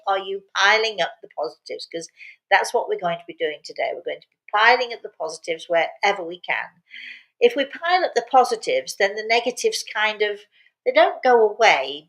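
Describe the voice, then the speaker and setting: A woman's voice: medium pitch, fairly bright tone, poor audio. An older woman hosting a casual live chat, upbeat and rambling, laughing often and fighting a lingering cough. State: intermittent cough. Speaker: host.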